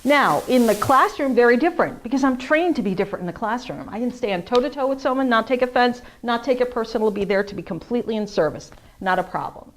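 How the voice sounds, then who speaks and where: A woman, a teacher, talking through her opinions in a thoughtful, measured casual monologue with restarts. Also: fairly high pitch, animated, slight background noise. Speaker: vlogger sharing opinions.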